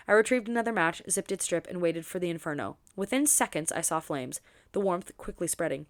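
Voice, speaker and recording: A woman reads a romance novel aloud for her book channel, her voice pitched fairly low. She's expressive and keeps slipping in quick asides of her own.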